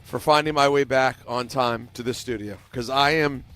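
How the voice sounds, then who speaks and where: A man co-hosting a sports radio show, telling a rambling story in an excitable, casual way. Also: mid-range voice, moderate pace, faint music behind. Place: radio studio.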